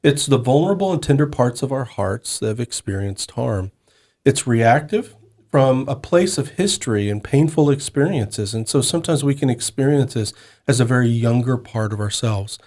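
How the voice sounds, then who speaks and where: A man co-hosting a podcast, explaining in a measured way with some restarts. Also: mid-range voice, expressive, a little mellow. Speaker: podcast co-host.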